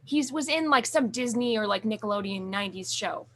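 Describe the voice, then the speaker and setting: A woman's voice: mid-range voice, animated, a little fast, over a noisy crowd. A young adult woman co-hosting a podcast, chatting casually and gushingly about horror movies with many fillers. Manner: gushing, rambling, lots of fillers and swearing. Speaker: podcast co-host.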